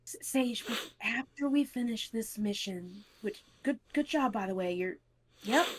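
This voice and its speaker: A woman's voice: on the high side, expressive, measured pace, poor audio. A woman playing a tabletop game, wry and mock-scolding. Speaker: player.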